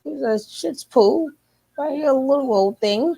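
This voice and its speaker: A woman co-host chats casually, teasing and laughing. Her voice sits somewhat high and sounds close and dry. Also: expressive, measured pace, gravelly, dark tone, no room sound, rough recording. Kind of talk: casual chat.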